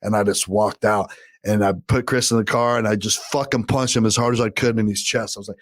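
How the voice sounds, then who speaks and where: A man's voice: lowish voice, fairly even intonation, fast, no echo, clean studio sound. A man casually telling a story on a podcast, cursing a lot and acting out what people said. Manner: profane, rambling, acts out quotes loudly. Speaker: podcast co-host.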